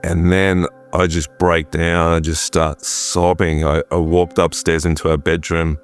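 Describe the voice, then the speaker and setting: Middle-aged preacher, deep voice, home-office storyteller, lively. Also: male voice, unhurried, clean tone, soft background music. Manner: animated, acts out quotes, chats with his wife. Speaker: preacher telling his story. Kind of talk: conversational storytelling interview.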